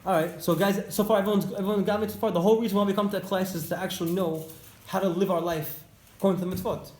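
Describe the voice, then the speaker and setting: A man teaching an informal religious class to students, telling stories in an animated way and repeating phrases for emphasis. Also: high-pitched, very fast. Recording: echoey room, faint background noise.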